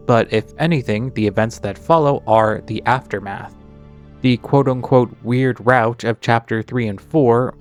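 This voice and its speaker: A man narrating a character analysis of a video game in a chatty way, drifting into tangents and sarcastic asides. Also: medium pitch. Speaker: video essayist.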